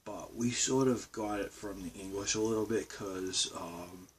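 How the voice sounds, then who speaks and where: A young man with a thick Boston accent talks casually into his vlog, his very low voice wandering through fillers, restarts and asides. He sits well back from the microphone, and a faint hiss of background noise runs beneath his speech. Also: recorded from a distance. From Boston, Massachusetts. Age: 20s. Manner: rambling, halting, many fillers and restarts. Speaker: vlogger.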